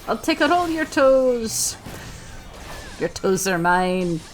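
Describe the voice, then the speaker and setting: A woman's voice: on the high side, very animated, slow pace. A woman doing let's play commentary in character, playful and theatrical, often repeating her own lines.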